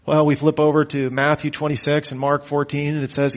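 A man teaching a Bible lecture, with a lively, questioning delivery and mock-incredulous asides. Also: fairly high pitch, a little fast, few pauses. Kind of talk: lecture on the Gospels.

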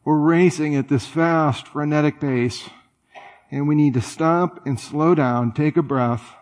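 A man preaching a sermon in a conversational way, with playful, animated asides. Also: fairly high pitch, unhurried. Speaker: pastor.

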